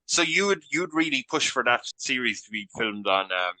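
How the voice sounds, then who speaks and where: A man's voice: mid-range voice, sing-song, normal speed, bright, forceful tone, no echo, rough recording. A man hosting a podcast, rambling and playful as he improvises comedy scenes with his guest. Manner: rambling, playful, puts on characters. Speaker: podcast host.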